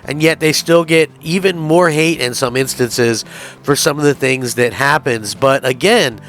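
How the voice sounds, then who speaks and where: A man's voice: mid-range voice, unhurried, a bit bright, slight background noise. A man hosting a gaming channel, giving earnest, emphatic news commentary straight to his viewers.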